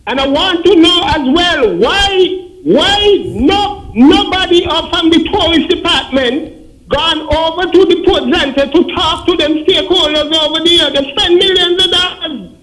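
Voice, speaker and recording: Kittitian guy calling the radio, pushy questions, really high voice. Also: measured pace, fairly bright tone, poor audio. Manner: insistent, pointed questions. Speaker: radio caller. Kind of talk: call-in radio complaint.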